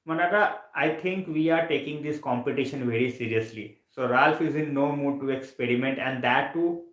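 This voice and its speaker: A man's voice: mid-range voice, normal speed, roomy sound, rough recording. Sleepy man chatting on a live stream. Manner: relaxed, repeats phrases, many fillers. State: sleepy, yawning. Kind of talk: casual live stream chat. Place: home room, late at night.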